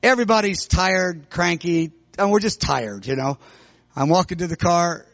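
A middle-aged man preaching, telling a personal story with sudden loud outbursts. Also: sits high, moderate pace, no room sound, highs cut off. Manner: animated, bursts into loud shouts when retelling. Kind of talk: sermon testimony storytelling.

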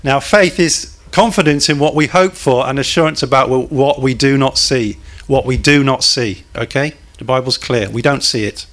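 Male preacher, mid-pitched, chatty sermon delivery with asides to the congregation. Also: normal speed, few pauses, a bit bright. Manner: conversational, asks the congregation questions, jokes.

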